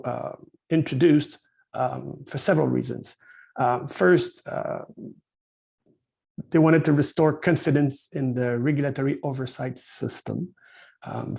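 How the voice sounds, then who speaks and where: Over a video call, a founder with a Quebec French accent delivers an industry seminar presentation haltingly, with many fillers and restarts. His mid-range voice is creaky and husky, with a darkish tone.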